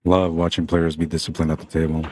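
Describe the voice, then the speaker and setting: A man's voice: extremely low pitch, monotone, fast, warm tone, no room sound. A man commenting live on a pool match for a stream, chatty and greeting viewers by name between shots.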